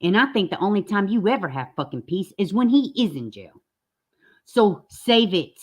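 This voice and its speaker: A woman's voice: mid-range voice, a little mellow. A woman hosting a reaction commentary channel, blunt and indignant, swearing freely as she reacts to clips.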